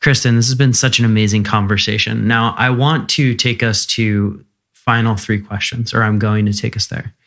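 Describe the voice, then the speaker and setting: A man hosting a casual interview, relaxed and conversational. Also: lowish voice, moderate pace. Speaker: podcast host.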